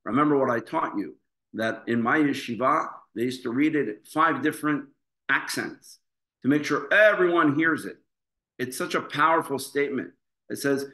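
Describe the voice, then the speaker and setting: A man's voice: medium pitch, creaky, a bit bright. A man speaking as a rabbi, giving an earnest memorial Torah lesson with emphatic rhetorical questions. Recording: echoey room.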